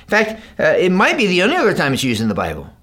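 Man, pastor, conversational sermon, lively pitch, acts out the quotes. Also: rapid-fire. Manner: animated, conversational preaching with acted-out quotes.

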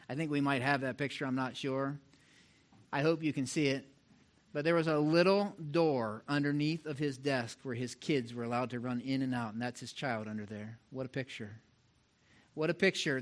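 A middle-aged man preaching a sermon as pastor, animated and talking straight to the congregation, acting out little voices to make his points. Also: medium pitch. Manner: animated, mimics voices for illustration, direct address to congregation.

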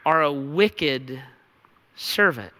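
A man's voice: a little high, animated, very slow, bright, forceful tone, exaggerated voice. A preacher acting out a stern master who sarcastically rebukes his servant. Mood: sarcastic. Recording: reverberant hall.

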